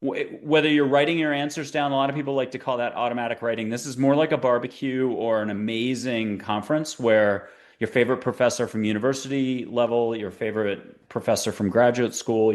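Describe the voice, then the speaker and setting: Man, mid-range voice, spiritual teacher guest in an interview; chatty and playful, jumps between tangents. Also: medium pitch. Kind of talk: conversational interview talk.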